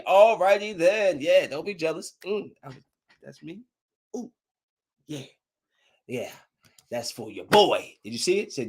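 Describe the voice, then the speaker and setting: A man's voice: sits high, expressive, moderate pace, darkish tone. A man hosting a casual solo podcast, talking animatedly, trash-talking with plenty of profanity, and reading news stories aloud with his own comments. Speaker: podcast host.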